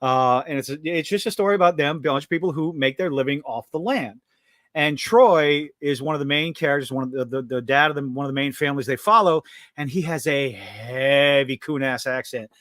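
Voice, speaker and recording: A man's voice: a little high, fairly quick, dry recording, studio quality. A man from South Louisiana with a Cajun accent, hosting a casual podcast and telling stories with animation. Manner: animated storytelling. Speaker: podcast host. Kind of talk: casual chat.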